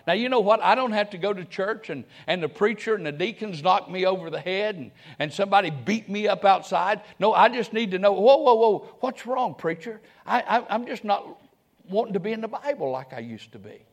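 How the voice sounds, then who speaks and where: High-pitched preacher guy, gets loud then drops to near whispers when praying, repeats himself a lot. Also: brisk, creaky. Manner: animated preaching, swings from shouts to hushed prayer; repeats words and phrases. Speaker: pastor. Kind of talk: sermon.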